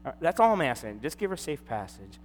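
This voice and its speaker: A man's voice: mid-range voice, fairly quick. Man preaching in a reverberant hall. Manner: storytelling, animated, acts out quoted voices. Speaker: pastor. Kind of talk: sermon. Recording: long hall reverb, faint hum.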